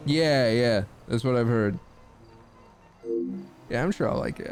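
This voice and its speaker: A young man from the Midwest US chatting casually with his stream chat, swearing freely and making lively asides. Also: mid-range voice, a little slow, faint music behind.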